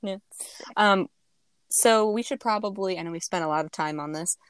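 A woman's voice: mid-range voice, moderate pace, clear, resonant tone, no echo. A young woman co-hosting a book podcast in casual chat, talkative, with frequent restarts and laughter. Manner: chatty, laughs often, many restarts. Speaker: podcast co-host.

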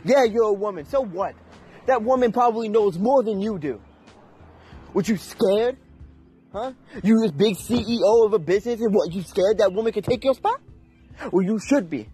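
A man's voice: high-pitched, expressive, moderate pace, dark tone, breathy edge, faint music behind. A young man ranting in an unscripted, heated and profane way, with emphatic delivery. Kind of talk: unscripted rant.

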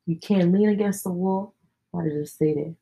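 A young woman with a low, husky voice talks casually on a podcast. Her tone is dark and mellow, and her delivery is slangy and candid, with a lot of profanity. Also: normal speed, low-quality recording. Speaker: podcast host. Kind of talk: casual storytelling chat.

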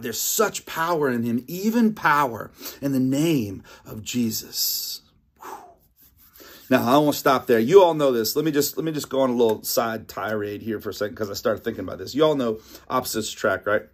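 A middle-aged man preaching a sermon, animated and emphatic, often repeating lines for effect. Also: medium pitch, normal speed, slightly rough. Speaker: pastor.

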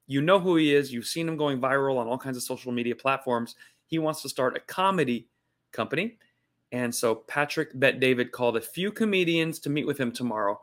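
A man's voice: fairly high pitch, a bit bright. A man hosting his weekly comedy show from a hotel room, talking in a jokey, self-mocking way and reading viewer comments between punchlines. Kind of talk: casual comedic livestream monologue.

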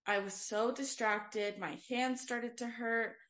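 Her voice is a little high and a bit bright, steady in tone, and she takes her time. This young co-host of a casual faith podcast, also a worship leader, tells a personal story in an earnest, rambling manner heavy with "like" and "um."

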